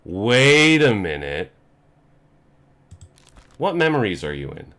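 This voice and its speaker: Lively young man thinking aloud. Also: fairly low pitch, takes it slowly. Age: young adult. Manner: thinking aloud, muttering to himself. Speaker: streamer. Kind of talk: casual gameplay commentary.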